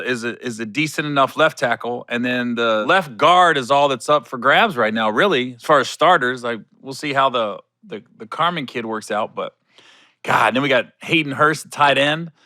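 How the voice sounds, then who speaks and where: A man's voice: medium pitch, moderate pace, no room sound. A man hosting a solo podcast, telling loose stories, laughing often and swearing casually. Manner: animated, laughs often, swears casually, slips into voices for quoted people. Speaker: podcast host.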